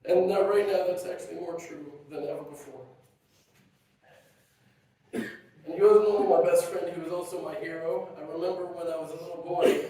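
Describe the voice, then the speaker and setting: A man delivers a heartfelt funeral eulogy, halting and emotional but touched with warm humor. His voice sits high for a man. It rings with heavy echo and sounds distant from the microphone. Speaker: son giving a eulogy. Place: funeral gathering. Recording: very echoey, far from the mic.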